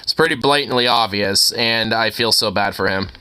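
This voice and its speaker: A man's voice: on the low side, moderate pace, noisy background. A man streaming, reacting to a video with casual, profane, exasperated commentary. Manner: animated, profane, exasperated ranting.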